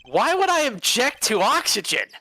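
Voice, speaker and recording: A voice actor playing an exasperated young male defense lawyer with dry, flat comebacks in a fan voice-over of a game. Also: medium pitch, moderate pace, a little hiss or hum.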